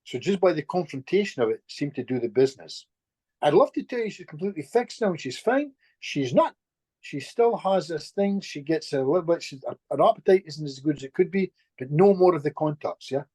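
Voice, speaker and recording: A middle-aged man, a guest healer, telling stories in a lively, chatty way with chuckles and restarts. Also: fairly high pitch, brisk, slightly rough, dry recording. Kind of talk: casual storytelling in conversation.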